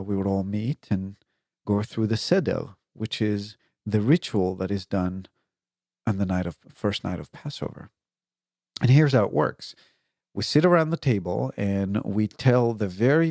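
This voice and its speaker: Gravelly, low-voiced man telling a story. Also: a little mellow, no echo, clean studio sound. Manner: unhurried, explanatory, with frequent fillers and asides. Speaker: podcast host. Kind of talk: personal storytelling monologue.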